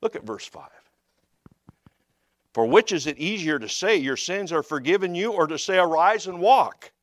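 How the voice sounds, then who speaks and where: A male preacher with a high voice delivers a sermon. He tells stories in a low, easy way and then builds to loud, emphatic proclamation. The sound is dry and close. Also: expressive, normal speed, dry recording.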